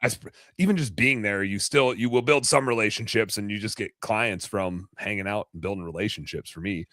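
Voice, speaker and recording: A man's voice: lowish voice, fairly quick, sharp tone, no room sound, studio quality. A man in a casual podcast chat, talking in a laid-back way and dropping brief agreeing replies. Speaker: podcast host.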